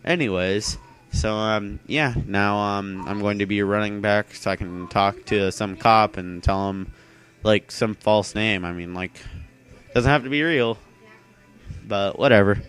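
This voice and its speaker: A man's voice: lowish voice, measured pace, fairly bright tone, faint music behind. A young man casually commentating his video game playthrough, rambling offhandedly with lots of "um" and "yeah". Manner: rambling, filler-heavy, offhand. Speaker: gaming channel host.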